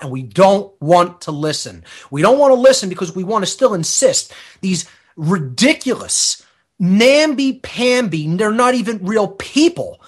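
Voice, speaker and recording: Male radio guest, emphatic ranter, forceful delivery. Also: high voice, breathy edge. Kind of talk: radio talk show discussion.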